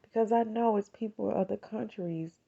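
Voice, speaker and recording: A middle-aged American woman hosts a podcast, talking about faith and gratitude in a heartfelt, conversational way and calling her listeners "you all." Her mid-range voice moves at a moderate pace with some vocal fry and a warm tone. The audio sounds dull.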